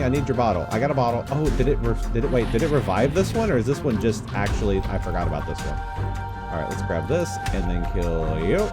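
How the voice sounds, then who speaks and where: A man commentating his own video game playthrough with excitable, joking reactions and frequent laughs. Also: on the low side, quick pace, over music. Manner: excitable, jokey, yelps and laughs. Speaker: gaming YouTuber. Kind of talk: Let's Play commentary.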